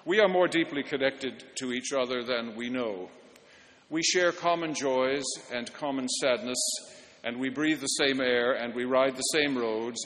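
A pastor giving a storytelling sermon, earnest and now and then stumbling on repeated words. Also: male voice, mid-range voice, fairly bright tone, in a large hall, a little hiss or hum. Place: church.

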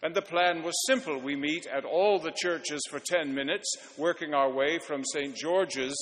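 A man's voice: medium pitch, a bit bright. A male pastor delivering a sermon, telling wry anecdotes in a storytelling manner. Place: large church sanctuary. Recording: long church reverb.

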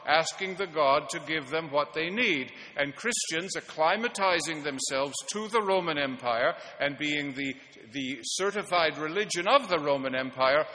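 A male pastor with a slightly high voice preaches a sermon, spinning wry anecdotes in an easy storytelling way. His words ring out with a long reverb across a large church sanctuary. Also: normal speed, few pauses, pushed and bright.

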